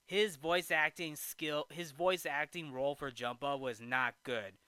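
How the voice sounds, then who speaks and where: A man's voice: a little high, sharp tone, clear, resonant tone, no echo. A man giving a casual, rambling movie review, often restarting and checking in with "right?".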